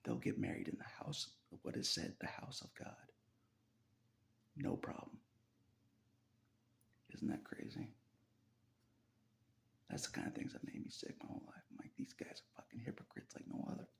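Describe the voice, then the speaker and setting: A man in a rambling personal monologue, profane and repetitive, often dropping into a gravelly half-whisper and laughing between lines. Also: unhurried, pauses often, a bit bright, slight background noise.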